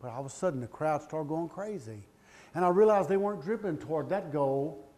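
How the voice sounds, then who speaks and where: A man's voice: expressive, a little fast. Heartfelt middle-aged man telling a personal story. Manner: heartfelt, dramatic swings between booming and hushed. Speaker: public speaker.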